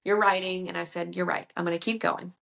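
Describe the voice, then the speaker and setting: A woman's voice: on the low side, level tone, fast, gravelly, fairly bright tone. A woman, a debut author chatting casually in an interview and retelling conversations with quoted voices.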